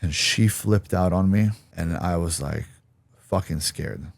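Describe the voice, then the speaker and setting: A man's voice: low voice, a little slow, creaky, no room sound. A man guest on a podcast, telling a personal story frankly, with some swearing, and acting out what other people said. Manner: frank, profane, acts out quoted voices.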